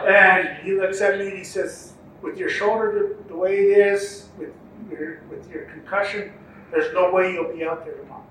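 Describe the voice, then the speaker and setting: A man's voice: sits high, steady tone, a bit bright, slight background noise. A man who races horses in relays, telling a story in an interview with many ums and restarts, acting out what others said. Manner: halting, many ums and restarts, acts out quoted talk. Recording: echoey room, mic far off, faint ambience.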